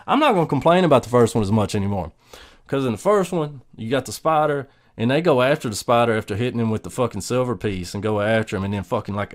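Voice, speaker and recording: A man with a lowish voice rants through a casual movie review. He is blunt and profane, mocks the film and laughs often.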